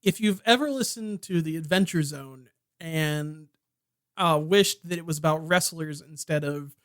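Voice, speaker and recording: High-voiced man in rambling podcast banter. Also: measured pace, a bit bright, smooth. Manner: rambling, trailing off with fillers and stammers. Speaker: podcast co-host. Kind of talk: casual comedic chat.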